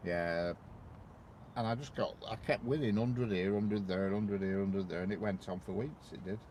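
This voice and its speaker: Man, lower voice, loose rambling live-stream chat with viewers. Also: moderate pace, a little mellow, slight background noise. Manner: rambling, chatty, greets viewers by name. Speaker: train-spotting live streamer.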